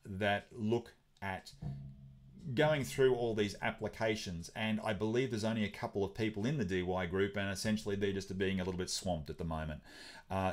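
A man hosts an informal crypto update video, his voice sitting on the low side. He talks casually and hesitantly, filling pauses with fillers and restarting his sentences as he goes. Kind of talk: casual explainer commentary.

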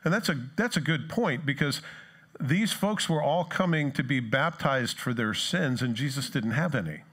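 A man preaching a sermon in a church, middle in pitch, talking in an easy conversational way. He reads scripture aloud and turns to his listeners with questions. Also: expressive, moderate pace, fairly bright tone, slightly rough. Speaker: pastor.

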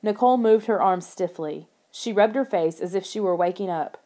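A woman narrating a children's horror audiobook in the first person, steady and expressive. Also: medium pitch, moderate pace.

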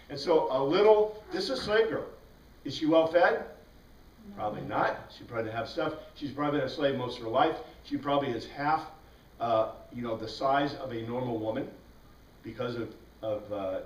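A man teaching an informal Bible study class, rambling through the passage with asides and restarts. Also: medium pitch. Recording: roomy sound, mic at a distance.

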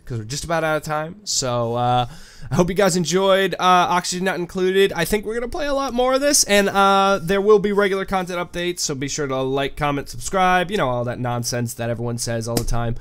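A man giving casual, animated gameplay commentary, swearing freely and swinging between goofy outbursts and quiet mumbles. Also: sits high, a little fast, clear, resonant tone. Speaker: let's play gamer.

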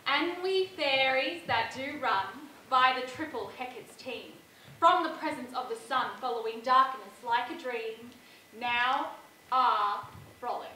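A woman's voice: high voice, bright, forceful tone, a little hiss or hum. Puck, a woman playing the mischievous fairy. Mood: eerie. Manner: slow, deliberate verse speaking. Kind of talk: stage play performance. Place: theatre stage. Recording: roomy stage sound from far off.

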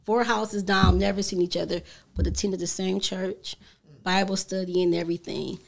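A woman guest on a talk show, an animated storyteller who acts out the voices she quotes. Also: medium pitch, moderate pace, vocal fry. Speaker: guest entrepreneur. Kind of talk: casual talk show conversation.

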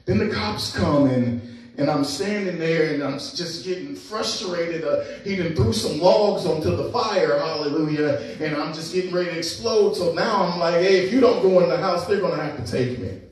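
A middle-aged man preaching a sermon as a pastor, telling a personal story in a lively, conversational way and laughing as he goes. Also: a little high, normal speed. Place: church sanctuary. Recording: echoey church sanctuary from a distance.

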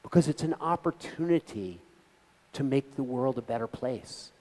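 A man's voice: medium pitch, animated, normal speed, darkish tone. Earnest man speaking in a reverberant hall. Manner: earnest, conversational, addresses the audience directly. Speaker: guest speaker. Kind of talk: talk at a community gathering.

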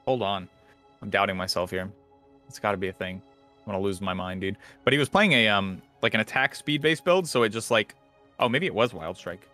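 A man hosting a casual gaming podcast, rambling and animated, swearing casually. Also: lowish voice, brisk, faint music behind. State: out of breath. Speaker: podcast host.

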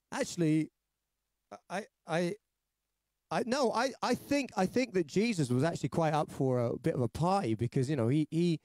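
A London man with a slightly high, darkish, expressive voice speaks at a measured pace, pausing often, in London English. He's a singer-songwriter hosting a casual livestream, chatting and telling stories in a rambling, jokey way with lots of restarts. There's no room sound.

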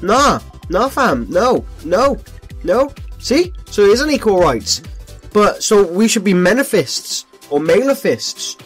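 Ranting young-sounding man, raised pitch. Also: big pitch swings, slow pace, slightly rough. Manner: ranting, incredulous, heavy swearing. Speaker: reaction vlogger. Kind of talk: profane reaction commentary. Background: faint background music.

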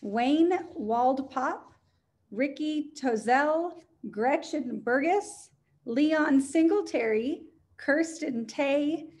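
A woman's voice: high voice, darkish tone. A woman on a coaching conference call, cheerfully reading a list of names and sometimes stumbling over them. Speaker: co-host reading recognitions.

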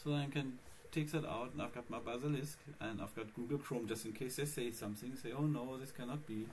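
A man with a medium-pitched voice and fairly even intonation speaks briskly, with slight background noise behind him. He's a Linux vlogger casually rambling about his computer setup in a screencast, addressing viewers directly.

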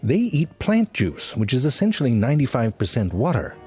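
Male narrator, scripted comedic nature voice-over, very animated pitch, deadpan asides. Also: fairly quick, husky, soft background music.

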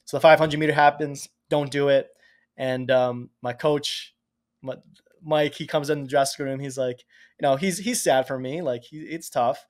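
A man in his thirties from Canada, a podcast guest telling stories in casual chat, animated and cursing freely. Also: mid-range voice, moderate pace. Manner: animated, swears casually, acts out quotes. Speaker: podcast guest, Olympic speed skater. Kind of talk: casual storytelling.

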